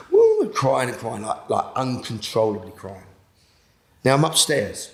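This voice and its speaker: A man with a British accent giving an emotional personal testimony in an interview, halting and repeating words, sinking to a hush at the most intense moments. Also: medium pitch, huge pitch swings, echoey room. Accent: British English. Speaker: interviewee telling his testimony.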